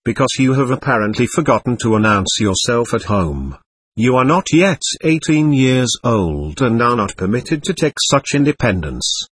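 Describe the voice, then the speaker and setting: Man reading an angry worried mother, scolding, husky voice, lively rise and fall. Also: medium pitch, normal speed. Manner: scolding, demanding answers.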